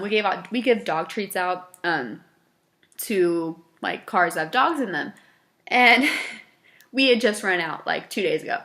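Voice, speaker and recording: Animated woman telling work stories. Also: mid-range voice. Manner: animated, laughs often, acts out customers. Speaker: vlogger and former fast food worker. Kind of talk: casual storytelling to camera.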